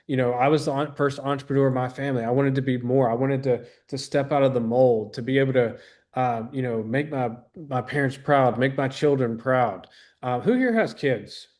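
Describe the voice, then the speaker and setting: A man's voice: mid-range voice, moderate pace, a little mellow. A man in his thirties, a business trainer giving an earnest, rambling motivational talk to an audience, full of restarts and acted-out quotes.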